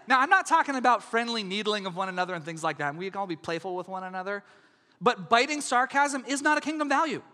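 A man preaching a sermon as pastor, in a lively, conversational way, often asking the congregation whether they follow. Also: high-pitched, big-room sound. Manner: animated, conversational, asks audience questions.

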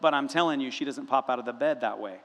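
A man preaching a sermon as a pastor, telling stories in an animated, humorous way in a church sanctuary. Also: medium pitch, fast, a little hiss or hum. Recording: long reverb of a large room.

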